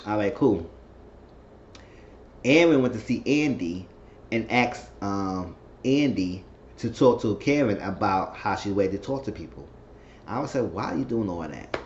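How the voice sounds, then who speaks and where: A man casually recapping a TV episode, rambling and animated. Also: measured pace, long pauses. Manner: rambling, animated, mimics characters in falsetto. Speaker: TV recap vlogger. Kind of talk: casual review chat. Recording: echoey room, dull lo-fi sound, faint noise.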